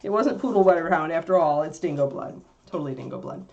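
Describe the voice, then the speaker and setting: A woman hosting a casual livestream, animated and laughing, cooing at her puppy between remarks. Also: sits low, quick pace, lo-fi sound. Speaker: livestream host.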